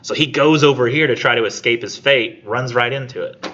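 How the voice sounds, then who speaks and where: A man's voice: mid-range voice, pushed and bright. A man teaching a college English class in a casual lecture, chatty and acting out the characters' lines as he retells the story. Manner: chatty, acts out characters' lines in quick voices. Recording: muffled classroom recording with faint noise.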